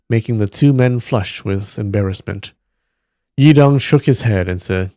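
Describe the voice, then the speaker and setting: Mellow-voiced man reading a novel live. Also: medium pitch, measured pace, dry recording, studio quality. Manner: reads steadily, breaks off to react aloud. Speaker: live-stream reader.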